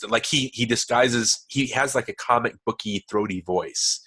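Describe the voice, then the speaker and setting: A man's voice: medium pitch, normal speed, few pauses, pushed and bright, breathy edge. A man hosting a podcast in a casual, chatty way, talking in loose, digressive sentences full of restarts. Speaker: podcast host.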